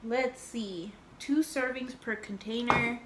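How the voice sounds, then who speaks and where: A woman's voice: a little high, fairly even intonation, slow pace, very noisy. A young woman telling a rambling story and chatting in a casual home vlog, with lots of fillers and acted-out quotes. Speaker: vlogger.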